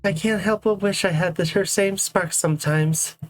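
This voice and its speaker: Woman voicing a soft gentle ballerina robot lady, refined, talks low and smooth. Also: moderate pace, lightly acted. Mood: wistful. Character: graceful female ballerina animatronic, soft-spoken and wistful.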